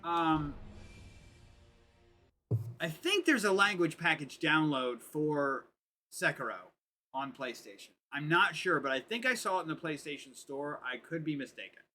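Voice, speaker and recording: A man live-streams a video game and chats loosely, tossing in jokey mock French lines. His voice is bright and forceful, pitched a little high, with faint game music behind him. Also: lively intonation, measured pace. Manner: chatty, joking, mock French asides. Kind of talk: casual live-stream commentary.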